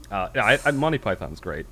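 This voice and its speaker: A man's voice: lowish voice, sharp tone. A man co-hosting a casual podcast chat, rambling and self-deprecating, laughing often. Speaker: podcast co-host.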